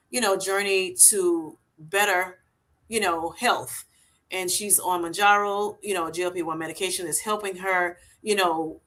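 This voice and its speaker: A woman with a fairly low, slightly bright voice hosts a casual livestream. She's chatty, reading viewer comments aloud and peppering her talk with "you know" and "y'all."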